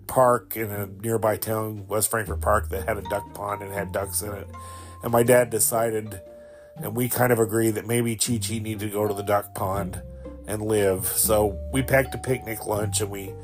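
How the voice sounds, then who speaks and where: A man in his fifties hosting a podcast, telling a personal story in a rambling, fond way, with many fillers and laughs. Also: fairly low pitch. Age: 50s. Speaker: podcast host.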